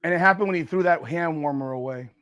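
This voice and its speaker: A man hosting a live watch party, reacting loudly and profanely to a football game and arguing with the chat. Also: fairly high pitch, quick pace. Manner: excitable, profane, argues with chat and the broadcast.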